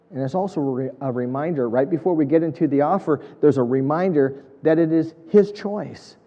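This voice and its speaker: Earnest man preaching in a dark, mellow voice. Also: medium pitch, in a large hall, highs cut off. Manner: earnest, emphatic preaching with repetition. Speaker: pastor. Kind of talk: sermon.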